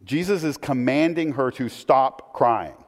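A man preaching a sermon in a conversational, animated way, with asides and questions to the listeners. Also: mid-range voice, unhurried. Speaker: pastor. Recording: long hall reverb.

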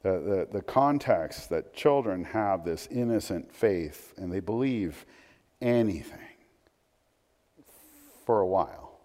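A man's voice: deep voice, lively intonation, slow pace, pauses often, a little mellow. A man preaching a sermon in a conversational way, with frequent restarts and asides. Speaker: pastor. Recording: long hall reverb.

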